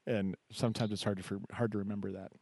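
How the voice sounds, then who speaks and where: A man's voice: on the low side, steady tone, quick pace, darkish tone, dry recording. A man hosting a call-in poetry show, chatting casually and joking with callers, laughing often. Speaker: radio poetry show host.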